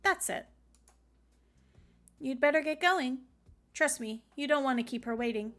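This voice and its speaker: A woman's voice: high-pitched, expressive, unhurried, fairly bright tone. A woman reading the lines of a suspicious campus clerk aloud from a game, in her own voice. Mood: wary.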